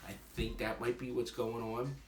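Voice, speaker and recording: Speaking at a normal speed in a mid-range, level voice, a man reviews his own homebrew in a casual tasting vlog. He rambles, uses many fillers and pokes fun at himself. He's off-mic, and the recording sounds roomy and noisy.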